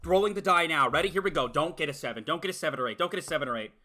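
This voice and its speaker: A man streaming a video game, giving frantic, excitable commentary as he yells, laughs and swears. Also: a little high, rapid-fire. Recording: game music playing clearly behind.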